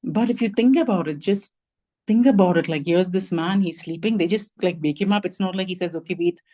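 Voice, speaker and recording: A woman's voice: fairly low pitch, brisk, dark tone, low-quality recording. A woman giving a conversational sermon over a video call. She thinks aloud, says "like" and "you know" often, and asks her listeners reflective questions. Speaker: lay preacher giving the message.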